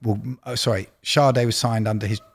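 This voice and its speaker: A man's voice: on the low side, steady tone, a little fast, vocal fry, husky. A man who is a record label executive, talking casually in a sit-down conversation and telling anecdotes full of quoted dialogue.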